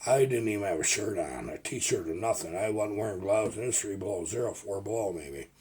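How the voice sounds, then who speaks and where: A man's voice: fairly low pitch, lively intonation, a little fast, darkish tone, husky. An older man, a logger turned video maker, telling rambling folksy stories in a casual vlog. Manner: rambling folksy storytelling with restarts. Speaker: retired logger vlogger.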